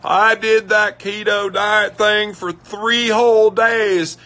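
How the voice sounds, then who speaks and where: Man putting on a high-pitched whiny quitter, strained and drawn out. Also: little pitch movement, slow pace, pushed and bright, full character voice. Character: whiny complaining adult dieter, quick to quit.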